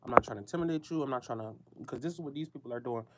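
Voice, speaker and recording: An American man hosts his own show, rattling off a casual monologue straight to his listeners at a racing pace, medium in pitch. His talk is loose, slangy and keeps looping back on itself, with heavy background noise behind him.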